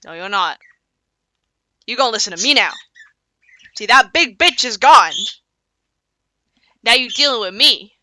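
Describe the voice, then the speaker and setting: A woman's voice: fairly high pitch, animated, unhurried, pauses often, pushed and bright, a little hiss or hum. A woman voicing a domineering female captor who talks in a swaggering, commanding way.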